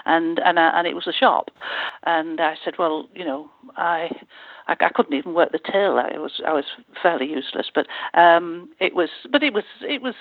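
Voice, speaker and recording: An older woman reminisces about her acting days, halting often and restarting with an amused lilt. Her voice sits low and a little husky. It comes through a dry, tinny phone-like line. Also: no echo. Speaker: guest, former actress. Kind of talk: reminiscing interview.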